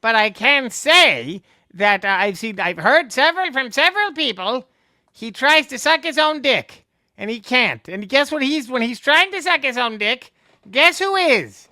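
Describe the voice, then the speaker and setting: A man voicing a crude, boastful male skeletal villain sorcerer in a vulgar trash-talking rant, with a shrill gravelly cackle. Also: sing-song, unhurried, bright, forceful tone, dry recording, clean studio sound, heavily acted. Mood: gloating, vulgar.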